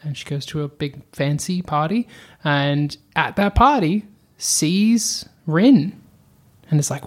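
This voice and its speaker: A woman co-hosting an anime podcast, retelling the plot in a chatty, animated way full of fillers. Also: deep voice, slow pace. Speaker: podcast co-host. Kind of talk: casual anime podcast chat.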